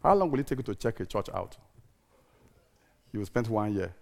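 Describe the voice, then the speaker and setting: A man in his fifties preaching a sermon in a church, repeating phrases, calling for responses and swinging from soft to loud emphasis. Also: lowish voice, lively intonation, normal speed, gravelly. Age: 50s.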